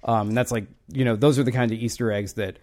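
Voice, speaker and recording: A man's voice: mid-range voice, steady tone, fast, darkish tone. A man co-hosting a casual movie podcast, thoughtfully sharing details and trivia. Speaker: podcast co-host.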